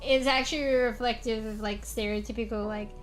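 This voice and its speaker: A woman's voice: fairly high pitch, fairly even intonation, a little fast, faint music behind. A young Australian woman chatting casually on a stream, rambling, swearing often and laughing between thoughts. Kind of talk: casual chat.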